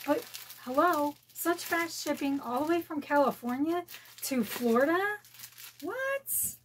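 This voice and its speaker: A middle-aged woman chatting excitedly at home as she unboxes a collectible bag, gasping and gushing. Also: high voice, measured pace, slight background noise. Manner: gushing, gasping, repeats "oh my" exclamations. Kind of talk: excited unboxing vlog chat. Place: home, dogs barking nearby.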